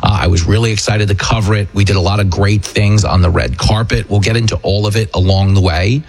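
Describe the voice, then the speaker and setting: A man with a New York accent hosting a political commentary show, talking in a mocking manner and acting out quotes in a shrill high voice. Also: fairly even intonation, a little fast, a little mellow. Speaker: show host.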